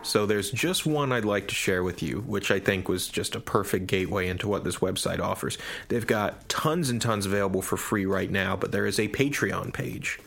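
Casting: male podcast co-host, low voice, relaxed and chatty, an animated storyteller. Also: moderate pace, vocal fry, few pauses. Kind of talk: casual podcast chat.

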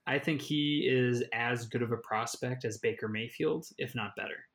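A man's voice: medium pitch, normal speed, vocal fry, fairly bright tone. Man co-host, casual football chat, mid-range voice, hedging, restarts phrases. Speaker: fantasy football podcast co-host.

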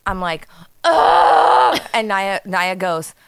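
A woman in her thirties co-hosting a podcast, telling stories in casual, profane, animated chat. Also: lowish voice, a little fast, no echo. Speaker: podcast co-host. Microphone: studio mic.

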